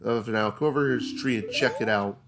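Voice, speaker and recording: A man's voice: on the low side, fast, music in the background, natural voice. Game fairy guide, snippy and instructive, read by a man.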